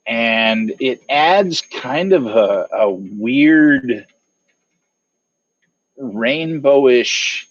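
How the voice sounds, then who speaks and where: A man narrating a tabletop game as game master, hesitant, pausing often with fillers and restarts. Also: medium pitch, animated. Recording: dull lo-fi dry mic.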